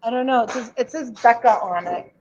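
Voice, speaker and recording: A woman's voice: a little high, brisk, a little mellow. A woman chatting casually during a live online sale, stumbling and repeating words as she goes. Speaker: livestream seller. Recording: muffled livestream audio.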